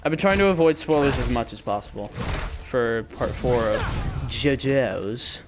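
Lively, rambling young gamer guy. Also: medium pitch, moderate pace, over music. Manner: rambling, self-mocking, bursts into goofy yelps. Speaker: gamer commentating his own play. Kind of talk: casual let's-play commentary.

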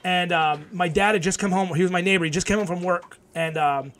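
A middle-aged man tells a podcast story at a rapid clip. His voice sits a bit high for a man. He rambles, swears and restarts lines in a loose, casual way. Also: steady tone, a bit bright, slight background noise. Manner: fast, profane, rambling with restarts. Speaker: town councilman guest.

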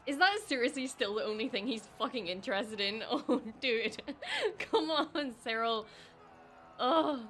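Excitable woman, lively swings, slightly high, cusses freely; reaction streamer. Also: measured pace, a little hiss or hum. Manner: excitable, swears freely, laughs and gasps often. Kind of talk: live reaction commentary.

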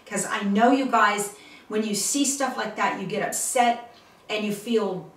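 A woman's voice: mid-range voice, measured pace, far from the mic. Chatty woman teaching, echoey room. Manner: chatty, emphatic, checks in with "okay?" and "all right?". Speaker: channel host teaching online safety. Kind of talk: casual tutorial. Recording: roomy, from the mic.

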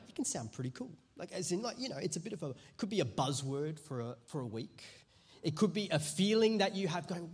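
A man preaching a sermon as pastor, chatty at first and then rising to loud, emphatic preaching. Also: fairly high pitch, sing-song, fast. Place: church auditorium.

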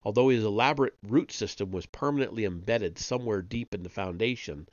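A man reading a novel aloud on a live stream, steady with small slips and self-corrections. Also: on the low side, no echo, dull audio. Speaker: audiobook reader on a live stream.

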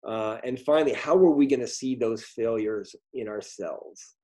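A middle-aged man telling a story on a video call, halting, with many ums and restarts. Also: medium pitch, warm tone. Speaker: guest speaker. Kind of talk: storytelling talk in a virtual meeting.

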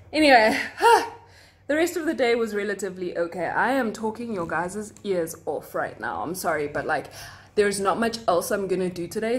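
A young South African woman, a flight attendant, telling stories from her workday in a chatty, giggly way, full of likes and asides. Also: on the low side. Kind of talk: casual chat.

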